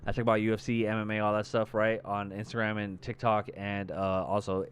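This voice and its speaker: With a slightly fast, lowish voice, the young man chats casually as a podcast co-host, an animated storyteller who acts out scenes and swears a lot. There's slight background noise.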